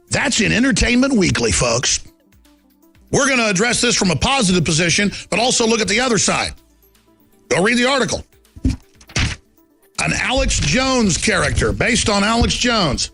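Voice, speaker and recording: A middle-aged man hosting a talk show, delivering an impassioned monologue with emphatic swings from quiet storytelling to loud defiance and acting out the people in his stories. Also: a little high, very animated, moderate pace, creaky, breathy edge, soft background music. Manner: acts out quoted people in the stories.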